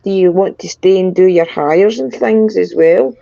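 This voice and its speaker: A woman's voice: fairly low pitch, normal speed, vocal fry, dark tone, no echo. Scottish lady guest, easygoing, laughs a lot, dry lo-fi call sound. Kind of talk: casual chat.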